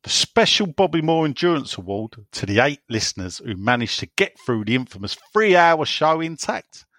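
A man's voice: on the high side, sing-song, moderate pace, fairly bright tone, no echo, studio quality. A man hosting a casual football podcast, teasing his co-hosts and reading out listener emails. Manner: jokey, teasing, reads listener emails aloud. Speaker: podcast host.

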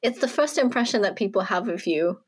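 A woman's voice: medium pitch, animated, fairly quick, slightly rough. A woman with a British accent, chatting on a podcast and often laughing at herself. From United Kingdom. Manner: giggly and self-mocking. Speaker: podcast co-host. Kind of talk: casual chat.

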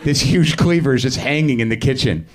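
A man's voice: mid-range voice, fairly quick. A man hosting a live comedy podcast, rambling through a profane, self-deprecating monologue on stage. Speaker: podcast host. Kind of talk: live stand-up-style monologue.

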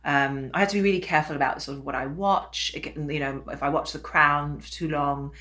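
A woman's voice: low voice, steady tone, a little fast, pushed and bright. Chatty American woman, self-deprecating. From United States. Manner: chatty, self-deprecating, many restarts and asides; slips into a put-on English accent. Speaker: guest. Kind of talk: casual conversation.

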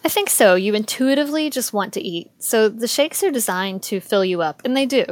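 A woman's voice: a little high, lively intonation, fairly quick, no room sound. A woman speaking as a podcast guest in a casual interview, talking candidly with frequent ums and easy laughter.

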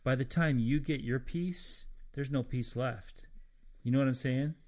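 A man's voice: mid-range voice, measured pace, a little mellow. A man hosting a casual chat, blunt and probing with his questions.

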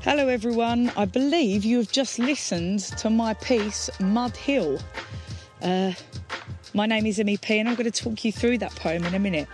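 A woman's voice: a little high, moderate pace, darkish tone. A woman in her thirties from Essex with an Essex accent, a poet chatting reflectively about her own poem outdoors on a hill, slightly out of breath and self-deprecating. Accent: Essex English. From Essex, England. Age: 30s. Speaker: spoken word poet. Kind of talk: casual spoken explanation of her poem. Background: background music.

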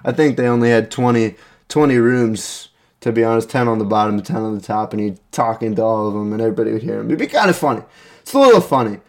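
A man's voice: on the low side, fast. Profane, rambling young man telling stories. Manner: profane, rambling, frequent restarts and chuckles. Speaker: storyteller. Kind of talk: casual anecdote monologue.

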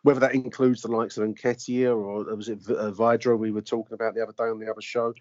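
A man's voice: on the low side, flat delivery, fast, a little mellow, no echo, muffled recording. A man hosting a casual football podcast, rambling with lots of fillers and restarts. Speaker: podcast host.

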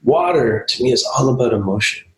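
A man guesting on a podcast explains his views in a thoughtful, earnest way. His voice sits at a middle pitch, and the room around him rings with noticeable echo. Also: expressive, a little fast, a little hiss or hum. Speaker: podcast guest, yoga and breath work teacher. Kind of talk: casual podcast conversation.

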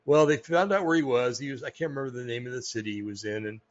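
An American man hosting a podcast, talking casually about religion in a rambling way, with many pauses and restarts. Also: mid-range voice, muffled recording. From United States. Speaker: podcast host. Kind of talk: casual religious talk monologue.

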